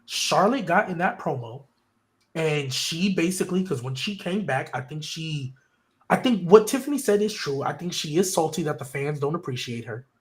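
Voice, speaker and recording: A man's voice: on the high side, expressive, normal speed. A man hosting a casual wrestling podcast, talking in an opinionated, rambling way with frequent restarts. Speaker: podcast host.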